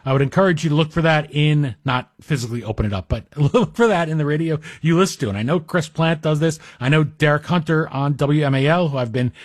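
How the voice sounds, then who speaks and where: A man's voice: a little high, fast, few pauses, no room sound. A middle-aged man guest-hosting a talk radio show, delivering a chatty monologue with wry, self-deprecating asides. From Greek heritage. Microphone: studio microphone.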